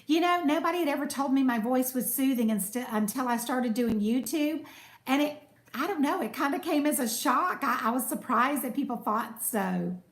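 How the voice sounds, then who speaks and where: A chatty American woman hosting a cooking channel live stream talks at a normal pace in a high, expressive, soothing voice. She warmly thanks viewers and reads their comments aloud in casual chat, in an echoey room.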